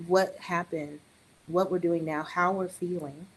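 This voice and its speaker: A middle-aged woman and early childhood educator, chatting on a podcast in an animated way with joking asides. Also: on the low side, a little slow, slight background noise, rough recording. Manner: animated, joking asides, quotes others in raised voice. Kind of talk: casual podcast conversation.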